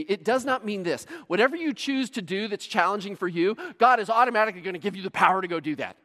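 A long reverb hangs on the voice of a high-pitched male pastor delivering a fast-paced sermon in a big church auditorium. His storytelling is animated, swinging dramatically from near hushes to shouting.

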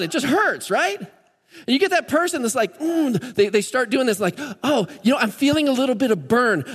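An American man preaching a sermon in a conversational, energetic way, his voice climbing higher when he gets excited. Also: in a large hall. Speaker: pastor. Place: church sanctuary.

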